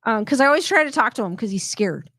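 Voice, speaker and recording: A middle-aged woman hosts a casual live stream, rambling in a chatty way with lots of restarts. Her voice sits a little on the high side. The sound is close and dry, with almost no room echo. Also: lively intonation, quick pace, fairly bright tone. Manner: reads viewer comments aloud. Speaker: host reading chat comments.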